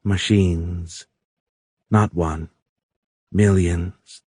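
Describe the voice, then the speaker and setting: A man's voice: low voice, steady tone, extremely slow, darkish tone, no echo, studio quality, heavily acted. A man voicing an alien being in a woman's form, who speaks in broken, mechanical sing-song phrases with a strange foreign lilt. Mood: calm, stilted.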